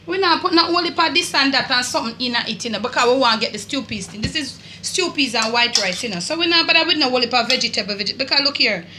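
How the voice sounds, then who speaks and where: A woman's voice: high-pitched, lively intonation, quick pace, few pauses, reverberant, background noise. An older woman with a Jamaican accent hosting a home cooking demonstration, chatty and full of patois asides as she directs the camera. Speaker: cooking channel host. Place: home kitchen.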